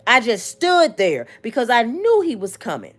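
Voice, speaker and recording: A woman talking straight to camera in an animated, preachy opinion monologue, acting out quotes as she goes. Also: moderate pace. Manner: expressive, preachy, acts out quotes in a sliding pitch. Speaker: commentary vlogger.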